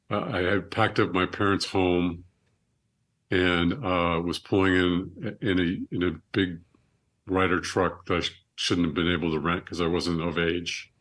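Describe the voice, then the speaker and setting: A man's voice: sits low, a bit bright. A middle-aged man, a surgeon and author, telling personal stories as a podcast guest in an earnest, reflective way with frequent restarts. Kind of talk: conversational storytelling.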